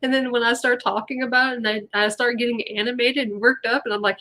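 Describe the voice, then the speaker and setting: A woman's voice: on the high side, flat delivery, brisk, hardly any pauses, bright, forceful tone. A woman hosting a casual live chat, rambling and chatty with lots of fillers. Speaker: host.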